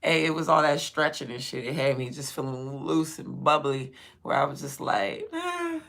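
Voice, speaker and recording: A woman's voice: very deep voice, moderate pace, gravelly, fairly bright tone. A mother talking casually to her livestream, profane and playful, laughing often.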